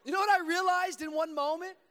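A young man preaching a sermon to a live congregation, slipping between fast casual storytelling and slow, emphatic preaching. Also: extremely high pitch, fairly even intonation, fairly bright tone. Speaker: pastor. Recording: long reverb of a large hall.

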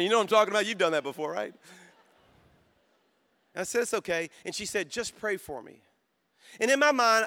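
A man preaching a sermon at a conference, telling a story in a soft voice and then building to shouted calls for praise. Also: high-pitched. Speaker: pastor. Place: conference hall.

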